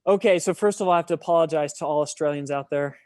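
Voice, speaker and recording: A man's voice: a little high, fast, a little mellow, no room sound, clean studio sound. A man, a podcast guest talking in a chatty, self-deprecating way. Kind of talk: casual podcast interview.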